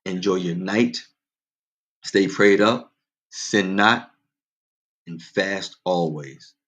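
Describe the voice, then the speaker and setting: Speaking very slowly with a slightly bright voice, a man hosts a casual radio show. Dad jokes, laughter at his own punchlines, and direct talk to listeners fill it, and his quoted voices rise far higher in pitch.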